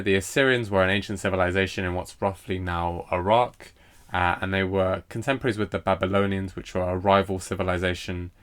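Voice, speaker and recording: A man with a deep, slightly bright, smooth voice teaches a recorded poetry lesson on meter. He sounds hesitant, with many fillers and restarts, and reads lines of poetry aloud slowly, stressing the beats.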